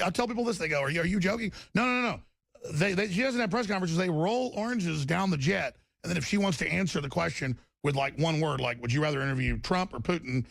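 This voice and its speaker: Gravelly, heated male talk host. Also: fairly bright tone, dry recording, studio quality. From Texas. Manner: heated, rambling, with big pitch swings and repeated restarts. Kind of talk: impassioned political talk monologue.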